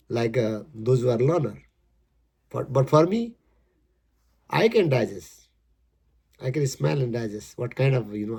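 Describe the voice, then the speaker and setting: A man explaining his poem in halting, emphatic English, repeating his words as he goes. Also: mid-range voice, vocal fry, mellow, slightly rough. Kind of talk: casual spoken explanation.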